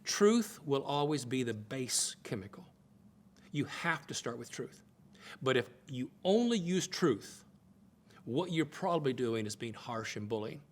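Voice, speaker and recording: A middle-aged man teaching on marriage in a conversational preaching style, stressing points by repeating phrases and jumping in pitch. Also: a little slow, slight background noise. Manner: emphatic, repeats phrases for stress, jumps to high excited pitch. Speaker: Bible teacher.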